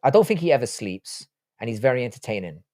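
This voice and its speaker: A man's voice: mid-range voice, sing-song, fast, a little mellow. A man hosting a casual live stream, reading out viewer chat and answering it with loose, profane talk. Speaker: livestream host.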